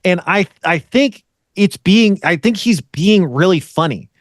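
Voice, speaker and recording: High-voiced, ranting podcast host. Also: male voice, lively intonation, a little slow, no room sound, clean studio sound. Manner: rambling, profane, ranting. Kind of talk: casual podcast chat.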